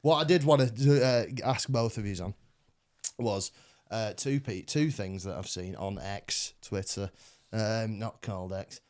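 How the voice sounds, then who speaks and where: A man's voice: on the low side, unhurried, a little mellow. A man hosting a casual podcast chat, rambling, swearing and laughing often. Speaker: podcast host.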